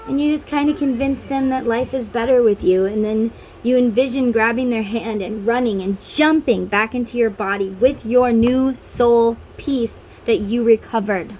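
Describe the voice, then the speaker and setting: A woman's voice: fairly high pitch, normal speed, hardly any pauses, a little mellow, slight background noise, poor audio. A woman who reads tarot, talking casually to viewers and guiding them through an inner-child meditation, with chatty tangents. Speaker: tarot reader.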